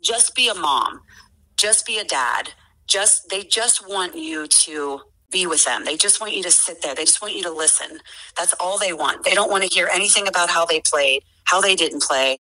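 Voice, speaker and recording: A woman's voice: on the low side, moderate pace, pushed and bright, poor audio. A woman in her forties talking earnestly as a podcast guest, with many fillers and restarts. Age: 40s. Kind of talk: casual conversation.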